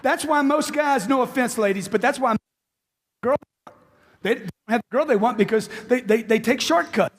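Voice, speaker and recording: A man giving a live motivational speech into a handheld mic, loud and punchy, firing off rhetorical questions. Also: very high-pitched, moderate pace, in a large hall, a little hiss or hum. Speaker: motivational speaker.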